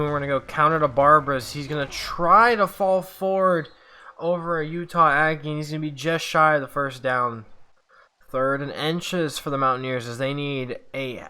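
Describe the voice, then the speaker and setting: A man narrates his own football video game in casual play-by-play, like a sportscaster. His voice is bright and forceful, at an ordinary male pitch. He often breaks off to vent his frustration with sighs. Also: steady tone, normal speed, smooth.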